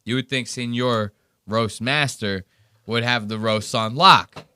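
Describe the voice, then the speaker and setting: A man's voice: medium pitch, unhurried, clear, resonant tone, dry recording, clean studio sound. A man hosting a podcast, giving casual, profane and sarcastic commentary on comedy clips. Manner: profane, sarcastic, animated storytelling. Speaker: podcast host.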